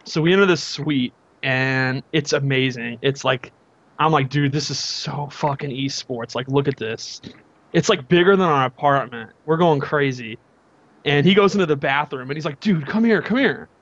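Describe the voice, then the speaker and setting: A man co-hosting a podcast, telling a story in casual chat and acting out the shouts and quotes. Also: medium pitch, moderate pace, dry recording, muffled recording. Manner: animated, acts out shouts and quotes. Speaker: podcast co-host.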